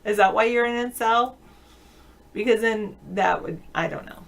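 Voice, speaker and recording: A woman's voice: on the high side, moderate pace, creaky. A woman co-hosting a casual talk show, giving playful dating advice and acting out quoted lines. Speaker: co-host.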